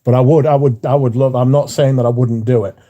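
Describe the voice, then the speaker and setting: A man's voice: mid-range voice, steady tone, quick pace, dark tone, dull audio. A man hosting a livestream, chatting casually and reading out viewer comments in a rambling, plain-spoken way. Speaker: livestream host.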